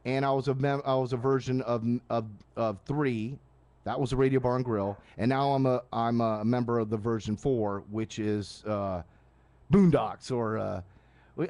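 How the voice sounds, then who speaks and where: A man ranting on his own late-night pirate radio stream. His pitch swings widely as he talks, and he keeps restarting and wandering off into asides. The delivery is loose and conversational. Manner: animated, casual, frequent restarts and asides. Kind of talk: live ranting monologue. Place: live stream studio at night.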